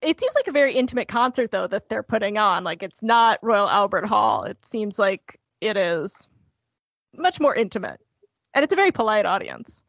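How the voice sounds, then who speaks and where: A woman's voice: mid-range voice, sing-song, normal speed, vocal fry, fairly bright tone, no room sound, lo-fi sound. A woman co-hosting a casual podcast discussion, chatting loosely and peppering her speech with "like". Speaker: podcast co-host.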